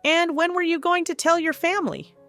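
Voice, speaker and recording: A woman's voice: very high-pitched, steady tone, fairly quick, a bit bright, faint music behind, voice pushed up. A woman voicing a middle-aged mother who presses and pleads in a guilt-tripping tone, in a story reading. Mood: pressing.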